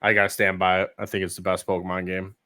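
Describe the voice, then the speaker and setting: A man's voice: low voice, completely flat delivery, fast talker, sharp tone. A man co-hosting a casual gaming podcast, rambling with fillers and swearing.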